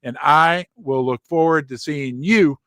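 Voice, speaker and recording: Excited guy reading out chat names on his stream, high voice, dry close sound, going hoarse. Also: unhurried, no room sound. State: losing his voice. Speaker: host of a precious metals live stream. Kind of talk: live stream chat greetings. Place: basement room.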